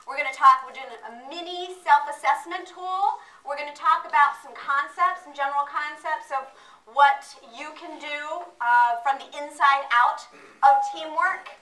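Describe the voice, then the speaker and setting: A woman giving an energetic, playful motivational training talk to a live audience. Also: high-pitched, normal speed. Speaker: workshop presenter. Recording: echoey room, distant mic.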